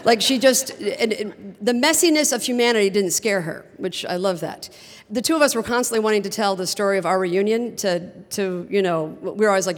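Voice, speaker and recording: A woman telling a personal story on stage in an animated, humorous way, often laughing as she talks. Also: mid-range voice, brisk. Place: theater stage before a live audience. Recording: long theater reverb.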